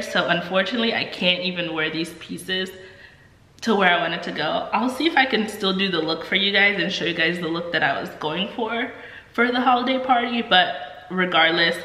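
A woman's voice: lowish voice, pushed and bright. Stuffy chatty woman in an echoey room. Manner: chatty, many ums and likes. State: stuffy, under the weather. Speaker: vlogger. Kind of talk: casual vlog chat.

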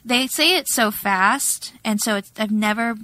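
A woman co-hosting a podcast in casual chat, measured and explanatory, laughing easily. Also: a little high, pushed and bright, poor audio. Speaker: podcast co-host.

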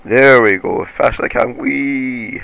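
A man giving casual, excitable game commentary, swearing often and laughing at his own play. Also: on the low side, moderate pace, gravelly, a crowd in the background. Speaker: gaming commentator.

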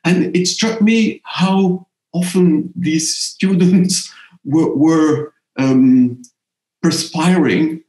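A middle-aged man with a French accent, thoughtfully answering interview questions with frequent pauses and restarts. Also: fairly high pitch, mellow. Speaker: interviewee, language professor. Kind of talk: conversational interview. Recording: roomy echo.

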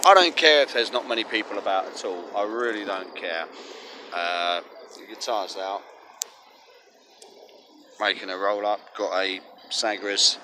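A man's voice: lowish voice, a little slow, long pauses. Sweary English man rambling outdoors. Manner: rambling and heavily profane. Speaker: vlogger. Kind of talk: rambling casual vlog. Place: outdoors on a street. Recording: outdoor street with faint traffic.

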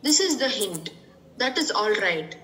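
A woman student reading a scripture commentary aloud to the class in a plain, steady way. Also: medium pitch, unhurried, slight background noise, rough recording.

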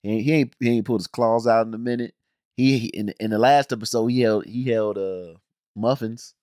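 Animated ranting man, dry close sound. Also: medium pitch, fairly quick, no room sound. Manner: animated, emphatic, slangy, frequent restarts. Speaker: reaction channel host. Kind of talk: casual ranting review.

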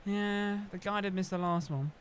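A young man giving excited live commentary while playing a video game, cheering and groaning at the screen. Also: sits high, moderate pace, a little hiss or hum. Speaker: gaming video host.

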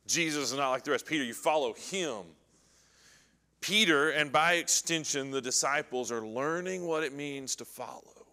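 A man leading an adult Bible class with a somewhat high voice that rings bright and sharp. He is animated, acting out scripture quotes and firing questions at the class. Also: normal speed, big-room sound.

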